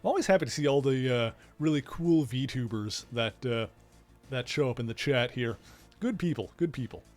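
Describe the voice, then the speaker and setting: A man's voice: medium pitch, lively intonation, normal speed. A man casually explaining a game's story while streaming it live, rambling and greeting viewers in chat. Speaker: livestreamer playing a video game. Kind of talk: casual let's-play commentary.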